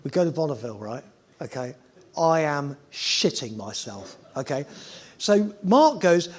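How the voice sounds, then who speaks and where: A man telling a story in a casual chat, animated and sweary, acting out other people's lines. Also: on the high side, moderate pace, husky. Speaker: TV presenter telling stories.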